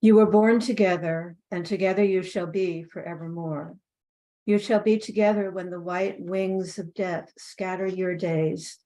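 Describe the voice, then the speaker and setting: A woman reading a poetic passage aloud to a spiritual group, measured and solemn. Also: on the low side, steady tone, warm tone, poor audio. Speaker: community member reading aloud.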